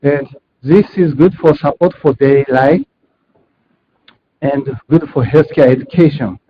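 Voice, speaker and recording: A man's voice: on the high side, a little hiss or hum. A man giving a technical conference presentation over a video call, speaking hesitantly and correcting himself as he goes. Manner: hesitant, halting with self-corrections. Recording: muffled video-call audio.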